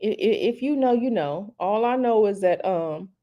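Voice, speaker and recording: A woman's voice: mid-range voice, animated, moderate pace, lo-fi sound. A woman hosting a casual livestream chat at home, reading viewer comments in a teasing, chatty way that hints at gossip and often repeats herself. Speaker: livestream host.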